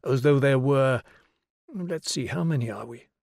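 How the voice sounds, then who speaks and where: A man's voice: mid-range voice, a little slow, vocal fry, darkish tone, dry recording. A man reading the part of a patient, playful young male teacher who explains and questions a class of children. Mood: lecturing. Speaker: schoolteacher. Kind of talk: audiobook character reading.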